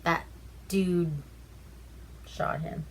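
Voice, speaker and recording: A woman's voice: fairly low pitch, little pitch movement, very slow, slight background noise. A woman from Alaska casually retelling a movie plot in a loose, chatty way, swearing freely between fillers. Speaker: movie reviewer.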